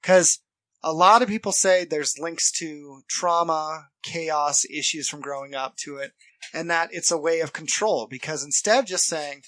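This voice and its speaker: A man's voice: a little high, dry recording. A man co-hosting a casual podcast, talking earnestly about his own experience and acting out the people he quotes. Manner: earnest, acts out quoted people, fast shifts in loudness. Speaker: podcast co-host.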